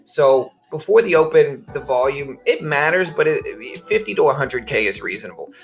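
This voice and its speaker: This is a man in his thirties from Baton Rouge, Louisiana, whose faint Louisiana accent colors a fairly high, expressive voice with vocal fry at a moderate pace. He hosts a trading livestream from his home office, rambling in a laid-back way with plenty of "bro" and "you know," while soft music plays in the background.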